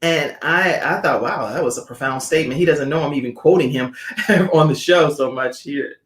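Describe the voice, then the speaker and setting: A woman's voice: low-pitched, moderate pace. A middle-aged woman hosting a talk show, effusive and praising, reading viewer comments aloud. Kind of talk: casual chat. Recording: echoey room.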